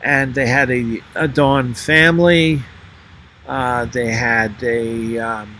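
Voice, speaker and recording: An older man speaks slowly and haltingly, stopping often to search for the next word. His voice has a bright, forward edge. A faint hum sits under the recording. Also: medium pitch, fairly even intonation, rough recording. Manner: halting, many fillers and restarts. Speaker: former member narrating a history video. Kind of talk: unscripted spoken commentary over photos.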